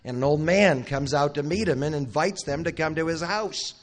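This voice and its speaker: A man's voice: fairly high pitch, normal speed. Man telling a Bible story from the pulpit. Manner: conversational storyteller who acts out the characters' lines; asks the audience questions and adds wry asides. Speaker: Bible conference speaker. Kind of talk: teaching sermon, Bible storytelling.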